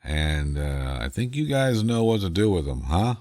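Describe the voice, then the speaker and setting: A man voicing a stern father who calmly plays a prank on his son, in a dry, matter-of-fact way. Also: low-pitched, normal speed, big-room sound. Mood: deadpan.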